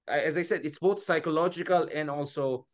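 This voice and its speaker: In an animated, casual political discussion, this man with a Filipino accent moves between Filipino and English and keeps calling his co-host "bro". His voice is fairly high pitched, his delivery brisk.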